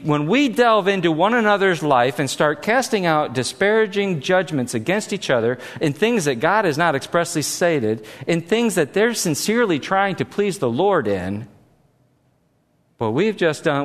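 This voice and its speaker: A man preaching a sermon, telling stories and acting out quotes with lively, animated delivery. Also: on the high side. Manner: animated storytelling with acted quotes. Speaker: pastor. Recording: echoey hall.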